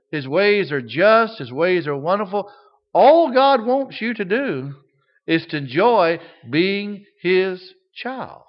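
An older male pastor with a high voice delivers a sermon at a slow, deliberate pace. He swings between loud, emphatic passages and hushed ones. The recording sounds slightly dull and lo-fi.

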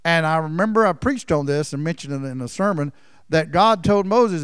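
Folksy preacher, dry sound. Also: male voice, a little high, animated, normal speed, clear, resonant tone, no room sound. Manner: folksy storytelling, swings from loud emphasis to near-whispers. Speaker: pastor. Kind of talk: sermon.

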